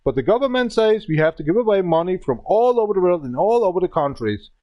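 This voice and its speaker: German guy in his 30s, accented broken english, swearing a lot on stream, kinda high voice that jumps all over. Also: very animated, quick pace, no room sound, muffled recording. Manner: ranting, profane, broken English. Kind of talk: casual game-stream chat.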